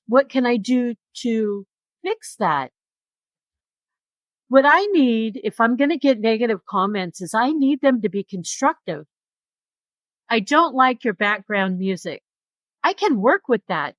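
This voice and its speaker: A woman's voice: a little high, dry recording. A woman true crime podcaster speaking candidly in a roundtable discussion, asking herself questions as she goes. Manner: candid, animated, self-questioning.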